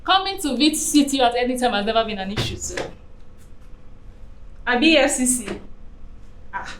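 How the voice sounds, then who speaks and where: A woman's voice: fairly high pitch, expressive, moderate pace, slight background noise, natural voice. Woman playing an anxious pleading sister. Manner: pleading, insistent. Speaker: worried sister. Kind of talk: film acting.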